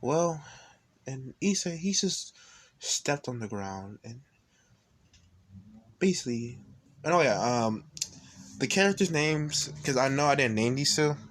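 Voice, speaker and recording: A chatty man narrates a fan-made story in a loose, off-the-cuff way. He trails off, corrects himself and mutters asides, in a voice of middling pitch. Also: lively intonation, a little slow, long pauses, a bit bright. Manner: rambling, self-interrupting, chatty. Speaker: storyteller vlogger.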